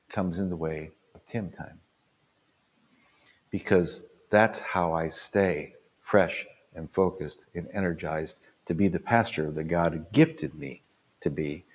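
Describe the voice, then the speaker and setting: A low-voiced pastor of around sixty, who also speaks at conferences, gives an earnest talk to fellow pastors. He hammers his points by repeating them, swinging between loud punches and quiet drops.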